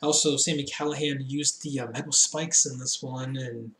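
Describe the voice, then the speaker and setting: A man's voice: mid-range voice, steady tone, normal speed, fairly bright tone, a little hiss or hum. A man casually reviewing a show, rambling with lots of fillers and laughing at his own slips, sounding a bit tipsy. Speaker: wrestling reviewer. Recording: echoey room.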